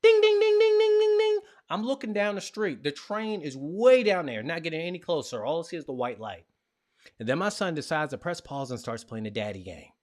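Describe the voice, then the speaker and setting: Animated storytelling man. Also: fairly high pitch, a little fast. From Richmond, Virginia, USA. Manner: animated, playful storyteller who acts out sounds. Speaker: podcast host. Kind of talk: storytelling monologue.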